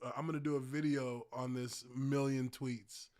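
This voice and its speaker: A man in his thirties giving casual live-stream commentary, excitable and hyped, laughing often. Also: medium pitch, normal speed.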